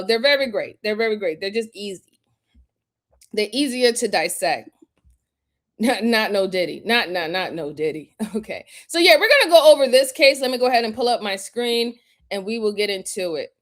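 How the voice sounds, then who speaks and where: A woman hosting a casual livestream, greeting viewers one by one, repeating her thanks and laughing often. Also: mid-range voice. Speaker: livestream host.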